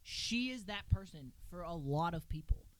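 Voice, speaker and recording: A man's voice: high voice, lively intonation, moderate pace, a little hiss or hum, low-quality recording. A man co-hosting a podcast in casual chat, making an opinionated case. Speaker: podcast co-host.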